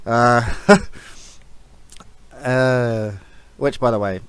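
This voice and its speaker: A man's voice: mid-range voice, steady tone, slow, pauses often, smooth, dry recording. Blunt swearing man ranting, dry sound. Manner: blunt, swears freely, rambling asides. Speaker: esports commentator vlogger. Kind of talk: casual opinion rant.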